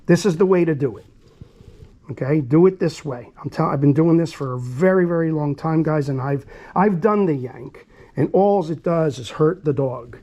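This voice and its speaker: A male dog groomer with a fairly high voice walks viewers through a hands-on grooming demonstration. He's earnest and repetitive, softly soothing the dog in asides.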